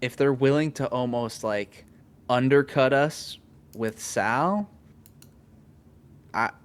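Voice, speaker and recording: A man's voice: medium pitch, slow pace, clean tone. Man musing casually on a podcast. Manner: thoughtful, many fillers and restarts. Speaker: podcast co-host. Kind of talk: casual chat.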